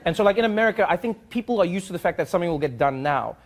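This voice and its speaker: A man from South Africa performing stand-up comedy, acting out both sides of imagined phone calls in raised, animated voices. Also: sits high, rapid-fire. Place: comedy stage with a live audience.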